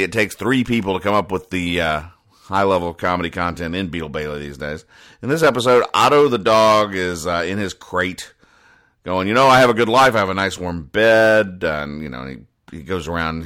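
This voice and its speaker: A man's voice: deep voice, bright, forceful tone. A man hosting a comics-reading show, talking casually with dry, wry asides and frequent hesitations. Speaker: host reading newspaper comics. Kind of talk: casual commentary.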